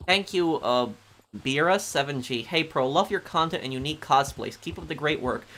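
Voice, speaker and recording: A man's voice: a little high, normal speed, pushed and bright. A man streaming a game, casually reading out viewer messages and thanking them one after another. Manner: easygoing, thanks viewers repeatedly. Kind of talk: casual live-stream chat while gaming.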